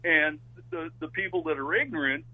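A man, a regular on a radio show, chatting in a rambling, husky way. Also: on the high side, moderate pace, dry recording. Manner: rambling, lively ups and downs. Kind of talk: casual radio chat. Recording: phone-like narrow line.

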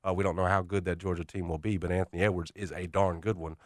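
A man co-hosting a sports talk radio show, giving measured analysis with a few stumbles. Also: low voice, flat delivery, dry recording, clean studio sound.

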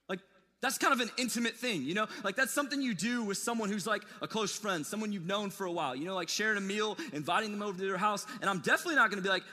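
A man preaching a sermon, telling stories in a casual, animated way with slangy asides. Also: high-pitched, very fast, in a large hall. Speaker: pastor.

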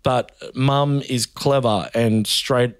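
A man in his thirties with an Australian accent, a comedian guest telling animated stories in casual podcast chat, laughing often. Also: medium pitch, slow, smooth, no echo, clean studio sound.

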